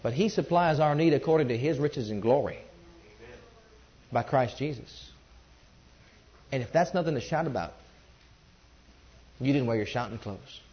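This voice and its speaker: A man's voice: medium pitch, animated, normal speed, long pauses, highs cut off. A man preaching a sermon and calling on the congregation to join in. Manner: emphatic, calls on the congregation to respond.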